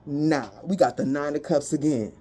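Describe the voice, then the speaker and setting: Brief: woman tarot reader with a lower, warm voice; blunt, swears freely, animated delivery. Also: normal speed. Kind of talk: casual spoken tarot reading.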